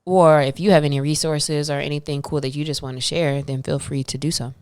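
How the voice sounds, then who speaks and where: A woman with a low voice and a smooth, resonant tone, co-hosting a casual podcast. She talks in a relaxed, slangy way and drifts through fillers. The sound is dry and close. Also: a little fast, no echo. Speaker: podcast co-host.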